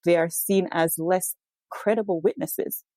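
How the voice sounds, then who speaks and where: A woman's voice: lowish voice, fairly even intonation, unhurried, warm tone, no echo. A woman, a guest educator speaking earnestly and emphatically in a discussion. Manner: earnest and emphatic, frequent "yes".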